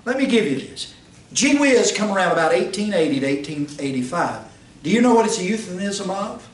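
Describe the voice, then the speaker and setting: Fiery high-voiced preacher. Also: male voice, big pitch swings, brisk. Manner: rhetorical questions, pitch swings, rises to shouts. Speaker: pastor teaching a Bible institute class. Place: church classroom. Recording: roomy, distant mic, faint hiss.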